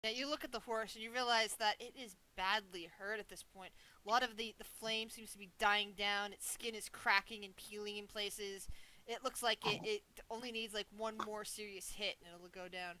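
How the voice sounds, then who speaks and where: A woman's voice: medium pitch, steady tone, sharp tone, a little hiss or hum, low-quality recording. A woman acting as game master, narrating what the players see and making rules calls, now and then correcting herself. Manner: clear, quick rules calls with brief self-corrections.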